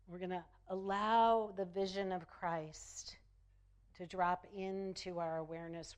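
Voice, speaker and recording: A woman minister delivering a sermon, slow and emphatic, repeating phrases for effect. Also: on the low side.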